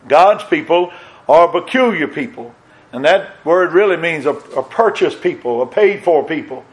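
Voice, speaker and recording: Earnest preaching man, fairly high voice. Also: rough recording. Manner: earnest preaching with repeated phrases, quotes scripture in old wording. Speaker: pastor. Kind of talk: sermon.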